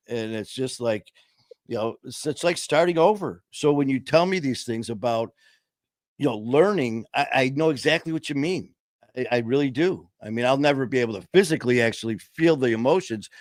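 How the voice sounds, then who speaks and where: A middle-aged man co-hosting a podcast, talking candidly and earnestly about recovery, mocking himself with quick acted-out quotes. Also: mid-range voice, no room sound. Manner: earnest, self-mocking, acts out his past self in quotes. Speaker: podcast co-host.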